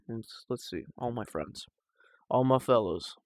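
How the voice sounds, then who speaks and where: A young man talking casually and personally to the camera at home, halting and emotional, with sighs and restarts. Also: mid-range voice, animated, darkish tone, dry recording, clean studio sound. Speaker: vlogger.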